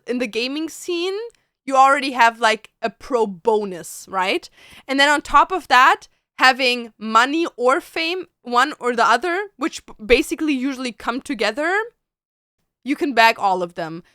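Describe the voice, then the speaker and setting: A woman's voice: on the high side, pushed and bright, clear, resonant tone, no room sound, clean studio sound. A woman streamer chatting casually with her viewers in a blunt, profane way, often calling them babes.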